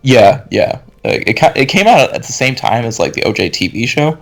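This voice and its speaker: A man's voice: mid-range voice, sing-song, moderate pace, creaky, soft background music. A man hosting a podcast, chatting casually about films with many fillers and restarts over a call. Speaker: podcast host. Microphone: video call.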